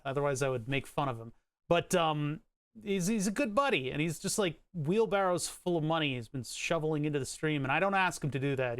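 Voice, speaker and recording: A male streamer talks in loose, rambling chat, restarting sentences and dropping swear words as he goes. His voice sits a little high for a man. The sound is dry and close with no room echo. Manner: rambling, profane, self-interrupting. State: hiccuping. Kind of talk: casual live-stream chat.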